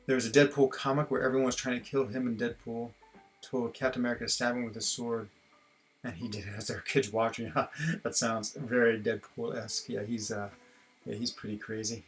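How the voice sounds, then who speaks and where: A middle-aged stream host chats casually with viewers, reading comments and musing in a rambling way while chuckling often. His mid-range voice moves little in pitch and runs fairly quick. Faint guitar music plays behind.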